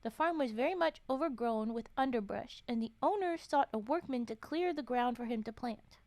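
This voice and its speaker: Woman streamer, storytime reader, a touch high, chatty asides between read lines, dry close sound. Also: moderate pace, a little mellow, dry recording. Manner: chatty, swears and laughs, interrupts the reading with comments. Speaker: streamer reading folktales. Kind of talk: casual storytime stream with reading aloud.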